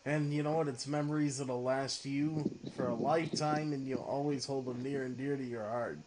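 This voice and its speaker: A man's voice: medium pitch, steady tone, moderate pace, noisy background. A man hosting a casual podcast interview, mostly giving short agreeing replies. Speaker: podcast host.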